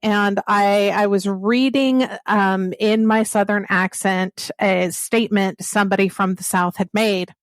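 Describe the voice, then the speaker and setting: A woman's voice: mid-range voice, fairly even intonation, unhurried, hardly any pauses, dry recording, studio quality. A woman from the American South, a podcaster speaking bluntly in a roundtable discussion. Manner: blunt, profane, unbothered.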